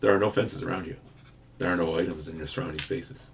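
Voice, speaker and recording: Gravelly low-voiced man running the game. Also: quick pace, slight background noise. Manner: even, formal announcing with frequent laughter. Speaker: game master. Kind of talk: reading game results in a board game playthrough.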